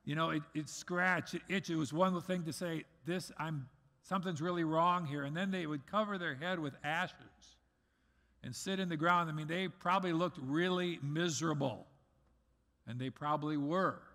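A middle-aged man preaching a sermon as pastor, earnest, swinging between loud emphasis and soft asides. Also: fairly high pitch, normal speed, creaky. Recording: long reverb of a large hall.

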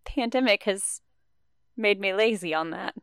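A woman guest on a tabletop game podcast, chatting casually, giggly and quick to swear in surprise. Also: medium pitch, fairly bright tone, clear, resonant tone, no room sound. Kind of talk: casual chat.

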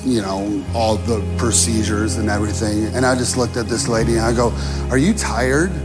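A man preaching a sermon as pastor, telling stories and acting out dialogue, moving from hushed moments to rising intensity. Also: medium pitch. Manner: animated storytelling, acting out dialogue. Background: music.

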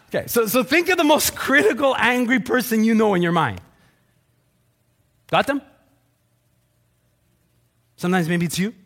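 Animated, high-voiced joking male pastor. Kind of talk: sermon.

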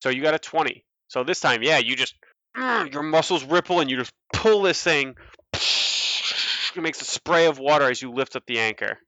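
Guy running a tabletop game, bright crisp voice, rambly. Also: a little high, lively intonation, normal speed, dry recording, low-quality recording. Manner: casual, rambling with fillers. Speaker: game master.

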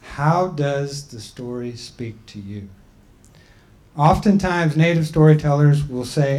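A man giving a talk and telling a traditional creation story in a measured, deliberate way with frequent pauses. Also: fairly high pitch, a little mellow. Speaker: speaker.

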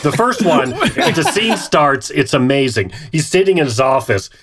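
A man's voice: a little high, moderate pace, over a noisy crowd. A man co-hosting a casual podcast, animatedly retelling a movie scene by scene and acting out its characters. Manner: animated storyteller who acts out characters. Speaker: podcast co-host.

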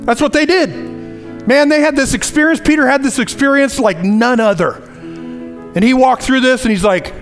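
A man preaching a sermon in a conversational, animated way, acting out little asides as he goes. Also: very high-pitched, normal speed, soft background music.

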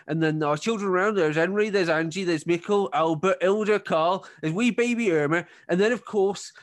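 A man's voice: sits high, moderate pace, voice pushed up, natural voice. A man playing a fumbling, welcoming farmer. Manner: hesitant, fumbling with fillers. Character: middle-aged male farmer, anxious, hospitable.

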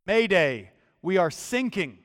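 Man doing a panicked sailor's mayday call, high and loud, echoing hall. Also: very animated, takes it slowly, exaggerated voice. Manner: urgent, pleading distress call. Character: panicked English sailor radioing for help. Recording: long hall reverb.

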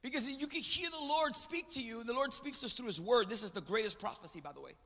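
A man's voice: very high voice, animated, fast, bright, forceful tone. A man preaching as a guest speaker, joking with the congregation and calling for them to answer back, in a large church. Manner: joking, call-and-response with the crowd. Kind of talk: energetic sermon. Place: church sanctuary, large indoor. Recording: reverberant church hall.

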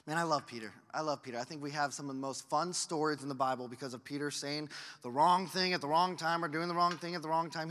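Animated high-voiced man preaching in a hall. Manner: animated, acts out quoted voices with big swings in loudness. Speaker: pastor. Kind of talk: sermon. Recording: long hall reverb.

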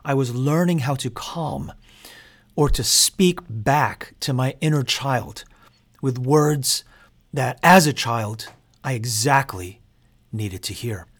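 A man's voice: medium pitch, lively intonation, slow. A man in his forties, a seminary instructor, giving a lecture and telling his own story of being called, earnest and self-deprecating. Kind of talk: personal testimony in a lecture.

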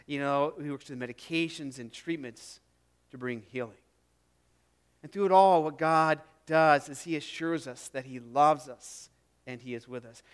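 Middle-aged male pastor mid-sermon; high, resonant voice, earnest and emphatic, with quiet drops for emphasis. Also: clean tone. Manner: earnest, emphatic, drops to a hush on key phrases, repeats words.

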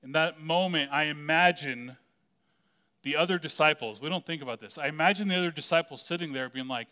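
Male preacher, slightly high and very clear voice, chatty and playful delivery. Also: steady tone, quick pace, pushed and bright. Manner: casual and joking, many "like" fillers. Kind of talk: conversational sermon.

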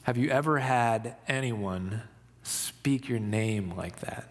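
A pastor giving an Easter sermon, reflective and storytelling, dropping soft for emphasis. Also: male voice, medium pitch, long reverb tail. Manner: slow, reflective, dramatic pauses, soft for emphasis.

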